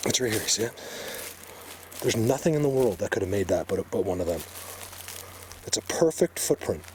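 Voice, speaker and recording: A man vlogging as he walks through a forest, rambling excitedly and sometimes dropping to a hushed voice. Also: fairly low pitch. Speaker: bigfoot researcher vlogger. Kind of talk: casual walking vlog. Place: outdoors in a forest. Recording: outdoor ambient noise.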